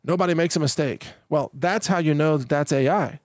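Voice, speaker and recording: A man's voice: a little high, a little fast, no room sound, studio quality. A man hosting a solo podcast in a casual, rambling way, often repeating words, restarting sentences and chuckling between points. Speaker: podcast host.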